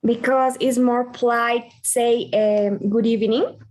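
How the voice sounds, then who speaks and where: A woman's voice: on the high side, fairly even intonation, unhurried, darkish tone. A woman student on a video call, answering her teacher hesitantly and reading words out carefully. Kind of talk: classroom answers.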